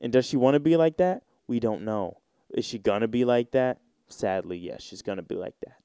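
Young male podcast host, mellow tone, dry close sound, animated storyteller who mimics people. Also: mid-range voice, moderate pace, clear, resonant tone, no echo. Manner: animated storytelling with mocking put-on voices. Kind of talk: casual solo podcast rant.

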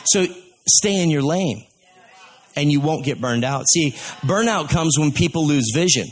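A man's voice: on the high side, animated, unhurried, soft background music. A man preaching a sermon in a folksy, conversational way, telling stories to his congregation.

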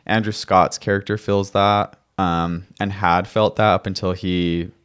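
A man's voice: deep voice, fairly even intonation, unhurried, a bit bright, clear, resonant tone. A man co-hosting a podcast, speaking in a reflective, hesitant way during a casual film review chat. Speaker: podcast co-host.

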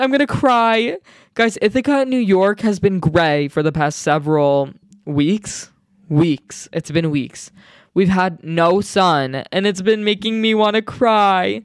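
A man's voice: fairly high pitch, no room sound, studio quality. Bubbly young man chatting on a podcast. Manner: bubbly and excitable, gushing with slang and fillers. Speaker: podcast host. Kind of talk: casual solo podcast chat.

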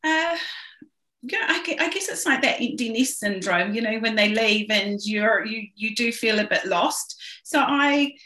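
A woman's voice: fairly high pitch, animated, a little slow, pushed and bright. A middle-aged woman as an interview guest, telling a personal story in an earnest, emotional way with frequent restarts. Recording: roomy echo.

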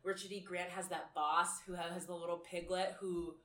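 A woman co-hosting a podcast, retelling scenes in animated casual chat. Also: fairly low pitch, normal speed. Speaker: podcast co-host. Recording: echoey room, far from mic.

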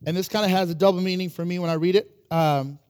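A pastor with a high, smooth, darkish voice and fairly even intonation speaks at a quick pace. His casual sermon is full of humorous, self-deprecating family stories, with plenty of fillers and restarts.

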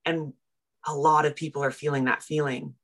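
A low-voiced woman from Canada in her thirties chats as a personal finance coach. She tells her stories in an animated, self-deprecating way, jumping up in pitch when she acts out what others said. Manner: animated, self-deprecating, quick retellings with big pitch jumps in quoted moments. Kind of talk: casual interview storytelling.

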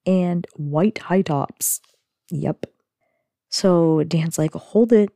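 A woman's voice: deep voice, fairly even intonation, very slow, vocal fry, warm tone, no room sound, clean studio sound. A woman hosting a podcast, chatting casually through a sitcom recap with lots of fillers and giggly asides. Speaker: podcast host.

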